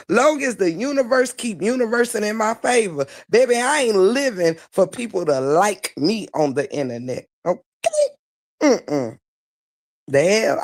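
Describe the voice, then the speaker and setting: Blunt, gravelly woman ranting on a stream. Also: medium pitch, no echo, studio quality. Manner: blunt, profane, preachy, with frequent rhetorical questions. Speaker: streamer giving commentary. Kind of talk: unfiltered live-stream commentary.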